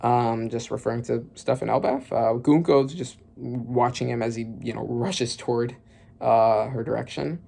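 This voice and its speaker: A man with a gravelly, fry-laden voice talks through a comic chapter in a loose, rambling way. He stops, restarts and corrects himself as he goes, sitting at a middling pitch. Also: moderate pace, a little mellow. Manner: rambling, thinking aloud with many fillers and restarts. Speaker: manga reaction youtuber. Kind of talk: casual reaction commentary.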